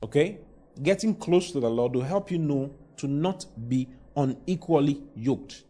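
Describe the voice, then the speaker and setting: A man's voice: fairly high pitch, a little slow, mellow. A man preaching a sermon, pushing key lines with emphatic, rising exclamations and playful mock voices. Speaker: pastor.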